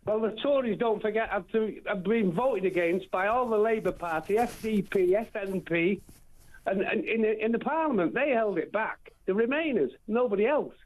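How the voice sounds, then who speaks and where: A man's voice: sits high, normal speed, a little mellow. A man calling in to a radio phone-in, speaking emphatically and indignantly. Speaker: radio caller. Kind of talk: phone-in call. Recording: tinny phone line.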